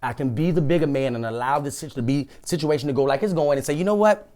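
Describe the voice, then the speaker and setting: A man hosting a podcast, telling a comic story with lively swings from whispers to shouts, acting out both sides of the talk. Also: mid-range voice, quick pace. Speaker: podcast host. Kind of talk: comedic storytelling.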